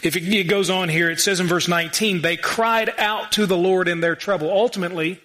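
A man's voice: high voice, fairly even intonation, brisk, pushed and bright. A man preaching a sermon in a small church, asking the congregation rhetorical questions with casual asides. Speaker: pastor.

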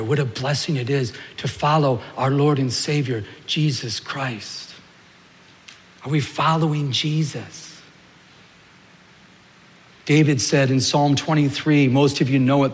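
Animated man preaching in a reverberant hall. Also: mid-range voice, unhurried, pauses often. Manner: animated storyteller, acts out little scenes. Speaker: pastor. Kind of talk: sermon.

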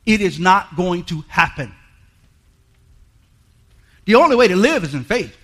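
Male preacher, high bright voice, emphatic, folksy, repetitive, shouts at peaks. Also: sing-song, unhurried. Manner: folksy, colloquial. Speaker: guest preacher. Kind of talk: sermon.

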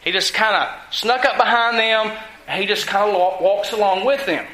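A preacher teaches a sermon on a Bible passage, reading verses aloud and checking in with the room conversationally. His voice sits high with a sharp tone and moderate pace, captured as reverberant, poor audio.

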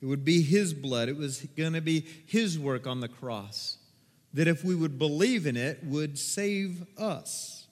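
A man preaching a sermon as a pastor, animated and dramatic, acting out excited crowd voices with loud whoops. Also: fairly high pitch, measured pace. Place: church sanctuary. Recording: long hall reverb.

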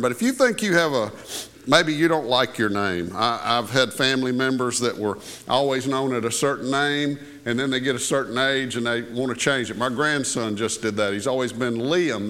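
A man's voice: medium pitch, a bit bright. Older guy preaching in church, chatty folksy sermon, lots of uh and you know. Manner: folksy, conversational, with asides and filler words. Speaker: pastor. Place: church sanctuary.

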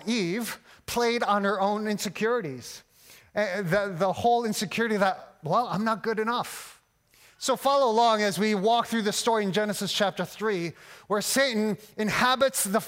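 A male pastor delivering a sermon in a noticeably high voice. He talks in an earnest, emphatic way and often stumbles and restarts his phrases. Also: a bit bright.

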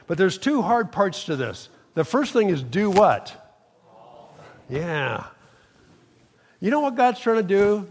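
A middle-aged pastor preaches with a slightly raised pitch, pushing each point hard and pausing for the congregation to answer back. His voice rings out with a long reverb through a church sanctuary. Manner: emphatic call-and-response preaching. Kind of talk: sermon.

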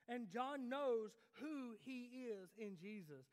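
High-voiced preacher in an echoing hall. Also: male voice, lively intonation, takes it slowly, hardly any pauses, smooth. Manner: conversational preaching with repeated restarts, rising and dropping sharply for emphasis. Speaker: pastor. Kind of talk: sermon. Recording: long hall reverb.

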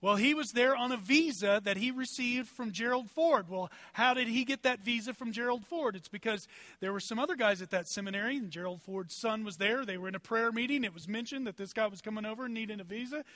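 A man's voice: sits high, brisk, pushed and bright, no echo. A male pastor preaching a sermon in a conversational, storytelling way, building his points through strings of rhetorical questions. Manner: conversational, personal anecdotes.

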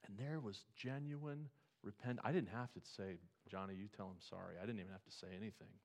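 A man preaching a sermon, telling stories and moving between quiet, reflective passages and loud, emphatic ones. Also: lowish voice, a little fast. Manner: storytelling, swings from quiet to emphatic.

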